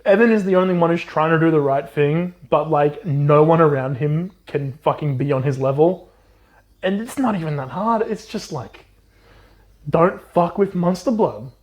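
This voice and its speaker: Male podcast co-host, slightly high pitch, loose chatty recap style. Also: moderate pace, dull audio. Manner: animated retelling with swearing and silly character voices. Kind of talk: casual book recap chat.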